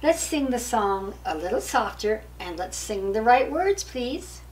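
A gentle, kindly old mother bear from a storybook, talking slowly and softly, as a grandmother puts her on while reading. The voice sits a little off from the microphone, with a faint hiss underneath. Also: a little high, lively intonation. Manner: soft and soothing. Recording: distant mic with faint hiss.

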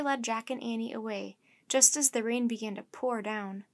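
Woman, storyteller, children's book reading, gentle, measured, fairly high voice.

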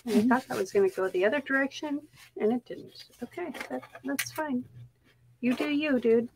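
Chatty Minnesotan woman, bright voice. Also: sits high, moderate pace, background noise. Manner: chatty, talks to herself as she works. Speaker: artist on a live stream. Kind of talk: casual chat while crafting.

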